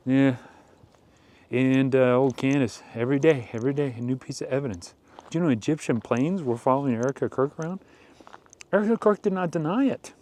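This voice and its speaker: A man hosting a rambling commentary show, speaking with mocking deadpan sarcasm. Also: mid-range voice, brisk. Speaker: commentary host.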